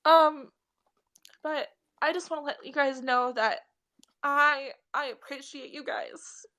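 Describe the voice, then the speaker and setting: A young woman, a spiritual reader, crying as she speaks warmly and earnestly to viewers on a live stream. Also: high-pitched, fairly even intonation, takes it slowly. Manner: tearful, heartfelt, affectionate.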